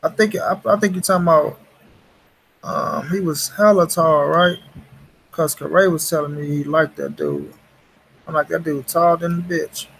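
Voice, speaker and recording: A man's voice: on the high side, sing-song, normal speed, vocal fry, long pauses, a bit bright, breathy edge. A young man hosting a casual livestream, talking straight to his chat in slangy, profane street talk. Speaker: livestream host.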